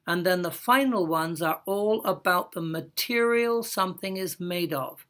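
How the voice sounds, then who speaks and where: Slow, careful woman teaching English. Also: on the low side, fairly bright tone. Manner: slow, careful explaining with drawn-out example words. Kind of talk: recorded English lesson.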